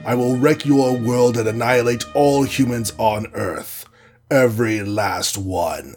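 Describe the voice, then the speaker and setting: A man voicing a cold, menacing male alien conqueror in a storybook reading, speaking slowly and gravely. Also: mid-range voice, darkish tone, faint music behind, natural voice. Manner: slow, grave and threatening.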